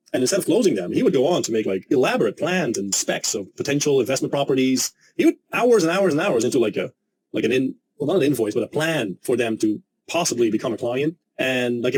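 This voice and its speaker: Fast, animated man coaching sales. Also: a little hiss or hum, low-quality recording. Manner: animated, emphatic, acts out quoted clients with a jump in pitch. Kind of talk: energetic sales lesson.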